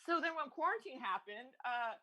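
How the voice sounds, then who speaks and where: A woman's voice: sits high, animated, normal speed, pushed and bright, rough recording. A comedian telling a rambling stand-up story, restarting her sentences and laughing at her own lines. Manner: rambling, self-interrupting, laughs through lines.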